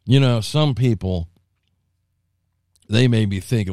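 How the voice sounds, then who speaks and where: A man with a lowish, darkish voice retells a scripture story slowly and informally, pausing often. The studio sound is clean with no echo, and his folksy preaching wanders through asides and restarts along the way.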